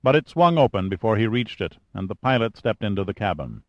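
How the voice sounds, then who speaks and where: Low-voiced male audiobook narrator. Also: very animated, a little fast, no room sound, muffled recording. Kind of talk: scripted narration.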